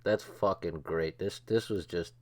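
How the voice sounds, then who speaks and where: An older man with a low, slightly slow voice hosts a late-night livestream, reacting to a show. He laughs hard, swears constantly, and gets excitable.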